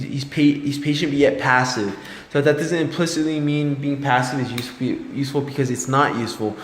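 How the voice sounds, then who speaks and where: A man vlogging about a book he read, thinking aloud in a rambling, loosely structured way. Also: mid-range voice. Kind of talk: casual book talk to camera. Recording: echoey room with long reverb.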